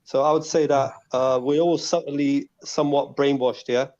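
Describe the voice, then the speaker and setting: A man's voice: mid-range voice, fairly even intonation, normal speed, darkish tone. A man on a podcast panel, arguing his point insistently and pushing to be heard. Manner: argumentative, insistent on being heard. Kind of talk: heated podcast debate. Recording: dull lo-fi online call audio.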